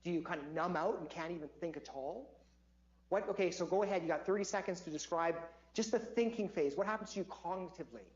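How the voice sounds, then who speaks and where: A man lecturing a class and guiding them through stress-relief exercises in an energetic, coaching manner. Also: sits high, quick pace. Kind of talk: interactive stress-relief lesson. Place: lecture hall. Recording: dull lo-fi audio with faint hum.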